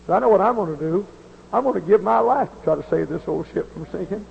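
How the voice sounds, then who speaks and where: A man in his forties preaching a sermon in a gravelly, husky voice, moving from folksy stories to loud impassioned outbursts. The recording is dull and old, with long reverb from a large church hall. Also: high-pitched, lively intonation, fast talker. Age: 40s. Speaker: pastor.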